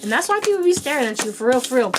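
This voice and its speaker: A young woman talks through a tarot reading in a loose, slangy way, breaking into laughs often. Her voice sits a bit high for a woman. Soft music plays faintly behind her. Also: very animated, racing. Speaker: tarot reader. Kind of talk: casual tarot reading to camera.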